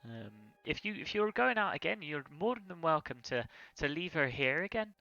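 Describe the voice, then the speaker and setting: Brief: a man doing a chatty woman healer, wobbly Irish-Somerset lilt, bright, slightly muffled sound. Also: a little high, big pitch swings, creaky, no echo, full character voice. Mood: fond. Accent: slipping between attempted Irish and Somerset. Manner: hesitant, repeats words, quick. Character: female human healer, friendly and chatty.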